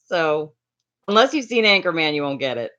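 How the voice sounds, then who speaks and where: A woman from Latin America chatting loudly and quickly on a live stream, reading and answering viewers' comments with frequent laughs. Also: low voice, big pitch swings, dull audio. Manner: loud, fast, laughs often. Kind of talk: casual live-stream chat.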